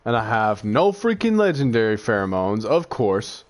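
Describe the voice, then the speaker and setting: A young man giving casual gameplay commentary, excitable and quick to rant when things go wrong. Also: on the low side. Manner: excitable, frequent exclamations, frustrated rants. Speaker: gaming YouTuber.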